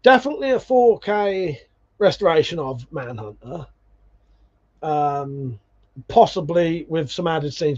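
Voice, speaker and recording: A man's voice: on the high side, a little mellow, highs cut off. A man hosting a livestream, chatting casually and reading out viewer comments, swearing freely and calling people mate. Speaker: livestream host.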